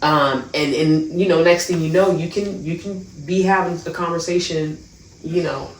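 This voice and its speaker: Woman on a faith podcast telling stories, lively, sounds far from the mic in a roomy space. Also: lowish voice, normal speed, a little hiss or hum. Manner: animated storyteller, lively asides. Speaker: podcast co-host. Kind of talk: faith podcast conversation, personal storytelling.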